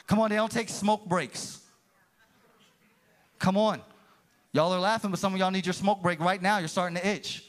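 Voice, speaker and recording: Here a man acts as pastor, addressing the congregation directly in an animated sermon punctuated by outbursts of shouting. The pitch is high, the tempo moderate, and the pauses long.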